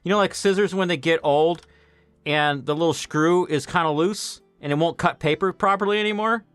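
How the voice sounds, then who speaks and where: A man in his late thirties chats casually over a game stream, his voice sitting slightly high. He drifts from topic to topic and hands out practical tips in a loose, rambling way. Soft game music plays faintly underneath. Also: normal speed, clean tone, no room sound. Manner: rambling, gives practical advice with a laugh. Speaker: gameplay streamer. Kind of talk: casual chat over gameplay.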